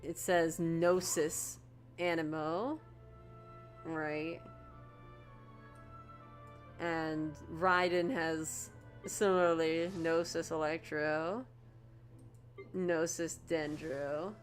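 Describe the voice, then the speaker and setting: A woman with a fairly low voice streams a game, chatting casually and gushing with excitement as she trips over her words and restarts often. She talks extremely slowly with long pauses, and faint music plays behind her.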